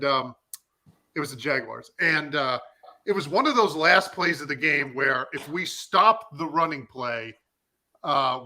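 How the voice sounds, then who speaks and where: Fired-up male co-host, bright edgy tone, casual sports talk. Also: a little high. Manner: animated, fired up. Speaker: podcast co-host, former defensive lineman.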